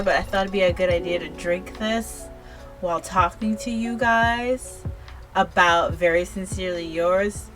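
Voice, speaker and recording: A woman's voice: medium pitch, a bit bright. A tipsy woman giving a casual book review, rambling and swearing freely, often restarting her sentences.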